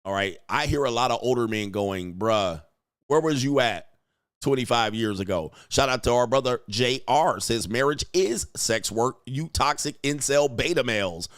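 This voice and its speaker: A man's voice: medium pitch, lively intonation, normal speed, no room sound, studio quality. Blunt, profane man hosting a livestream. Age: young adult. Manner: blunt, profane, slangy ranting. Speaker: dating coach and livestream host. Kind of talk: livestream chat, reading viewer donations aloud.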